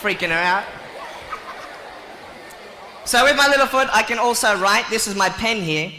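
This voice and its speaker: A man joking and telling stories to a live audience in a playful, animated way. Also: sits high, normal speed, some chatter behind. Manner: playful, jokey, animated storytelling. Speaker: motivational speaker. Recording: long hall reverb with faint noise.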